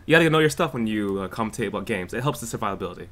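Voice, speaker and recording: A man hosting a casual gaming podcast, animated and quick to laugh as he reads viewer questions. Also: fairly low pitch, a crowd in the background. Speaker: podcast host reading questions.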